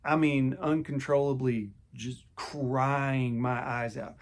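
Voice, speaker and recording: A man's voice: medium pitch, fairly even intonation, takes it slowly. A middle-aged man recounting a personal experience in a candid, conversational way, often repeating and restarting his words. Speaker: vlogger.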